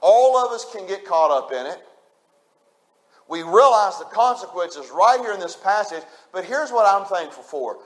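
A man's voice: sits high, lively intonation, normal speed, a bit bright. A man preaching a sermon, repeating his points with emphasis and speaking straight to the congregation. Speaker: pastor.

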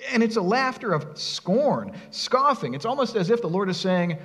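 A male pastor preaching a sermon in a conversational, animated way, asking his listeners rhetorical questions and speaking casually with them. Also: high voice, moderate pace. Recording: long reverb of a large hall.

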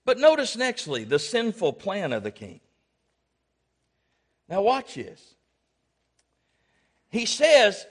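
A preacher delivers an emphatic sermon in a high, bright, forceful voice. He swings between loud exhortation and low, quiet asides. He draws amens from his listeners. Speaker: pastor.

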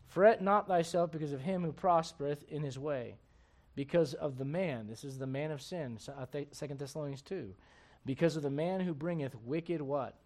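A man preaching a sermon as pastor of a church, emphatic and swinging between loud bursts and low asides. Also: normal speed.

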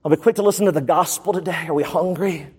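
A man's voice: on the high side, racing, a little mellow, husky, long reverb tail. A man preaching a sermon as pastor, emphatic, asking rhetorical questions and repeating key lines.

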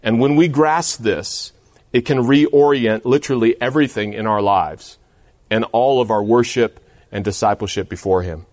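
A man's voice: medium pitch, a little mellow, dry recording. Man preaching a dry, emphatic sermon. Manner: earnest, emphatic preaching with deliberate repetition. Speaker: pastor.

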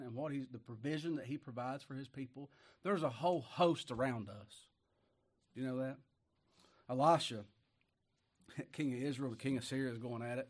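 A man from Kentucky with an Appalachian accent preaching a sermon, folksy and full of rhetorical questions, rising loud when he reads scripture. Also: mid-range voice.

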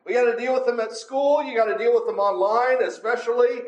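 An extremely high-pitched man preaches a little fast in a conversational Bible-teaching style, emphatic and often asking "right?" and "amen?". The recording is muffled, with a slight hiss or hum and a roomy echo.

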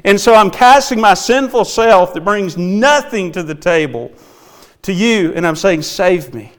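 A man preaching an earnest sermon, moving between emphatic and hushed passages, often restarting words. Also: high voice, animated, a little slow. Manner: sings a few hymn lines.

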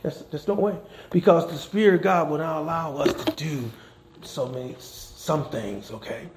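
A man delivers a conversational sermon, repeatedly checking in with "okay?". His voice is slightly high and gravelly. The church room is echoey, with faint noise in the background. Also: a little slow. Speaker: pastor and chaplain. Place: church sanctuary.

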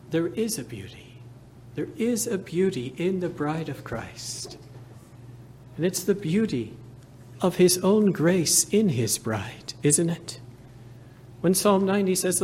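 Male preacher, slow and earnest, slightly higher voice, faint hiss behind. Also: darkish tone. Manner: slow, earnest, rising to fervent emphasis. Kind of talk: sermon.

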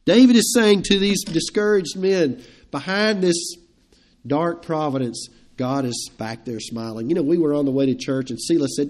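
A man giving an evening sermon in a somewhat high-pitched voice. He preaches conversationally, with emphatic swells and questions to his listeners. He chuckles now and then between points. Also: expressive, a little fast, darkish tone. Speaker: pastor.

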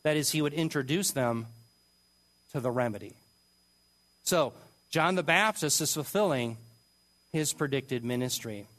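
A man's voice: mid-range voice, measured pace, long pauses, a bit bright. A man teaching verse by verse through a Bible passage, speaking emphatically and posing rhetorical questions to his listeners.

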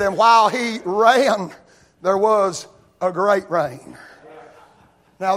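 Preacher guy, high voice, folksy storytelling that swells into shouting. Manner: builds from quiet storytelling to loud shouting. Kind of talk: sermon.

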